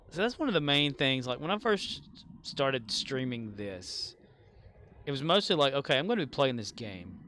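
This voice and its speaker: A man's voice: mid-range voice, big pitch swings, normal speed, pushed and bright, a little hiss or hum. A man streaming a game and chatting casually, rambling, self-deprecating and swearing freely. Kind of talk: casual chat while gaming.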